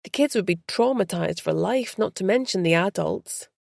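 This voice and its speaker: A woman narrating an audiobook in an even, measured reading on a close mic. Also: medium pitch, creaky, no room sound.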